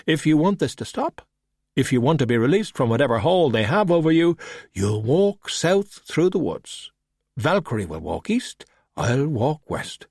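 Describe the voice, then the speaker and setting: A man voicing a calm, witty skeleton detective in an audiobook, speaking in a measured, wry and unhurried way. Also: fairly high pitch, husky, no echo, voice pushed up, full character voice. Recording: dry close audiobook recording.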